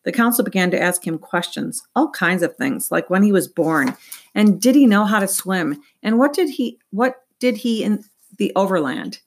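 A woman narrating an audiobook in a steady reading voice, with a few small slips. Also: mid-range voice, normal speed, slightly rough.

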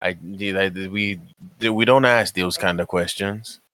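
A man role-playing his character at a tabletop game, his voice on the low side. He stumbles and repeats words, and his pitch jumps up in animated bursts. The sound is dry and close. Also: slow pace, dry recording. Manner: stammering, repeats words often. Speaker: player.

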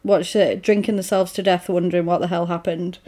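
A woman casually recapping a film's scenes to a friend, animated and quick to act out the characters' lines. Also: on the low side. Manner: animated retelling, acting out quoted lines with laughs. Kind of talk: casual film recap chat.

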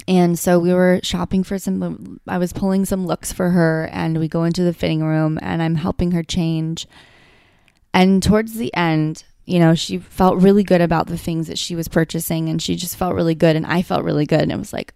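Emotional woman with a gravelly voice. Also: fairly low pitch, steady tone, normal speed, a little mellow, no room sound, studio quality. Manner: emotional, heartfelt, filler-heavy with frequent "like". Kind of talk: candid personal storytelling.

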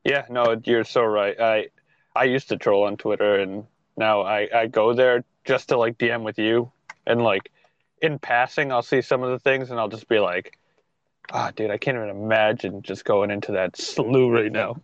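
A man's voice: on the low side, fairly even intonation, moderate pace, no room sound, lo-fi sound. A man co-hosting a podcast in casual chat, who laughs a lot and swears freely. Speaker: podcast co-host.

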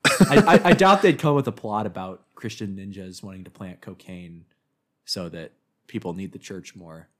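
A man's voice: deep voice, moderate pace, a bit bright. Rambly man co-hosting a podcast. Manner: rambling, lots of "like" fillers. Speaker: podcast co-host. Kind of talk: casual chat.

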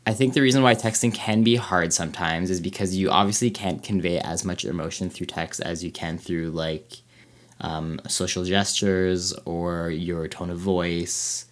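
A man co-hosting a casual podcast chat, talking hesitantly with many fillers and pauses. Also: low-pitched, steady tone. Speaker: podcast co-host.

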